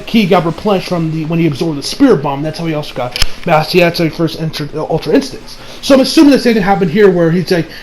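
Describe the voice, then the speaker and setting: A young man casually reviewing an anime episode, excitable and profane, laughing often. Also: fairly high pitch, slight background noise.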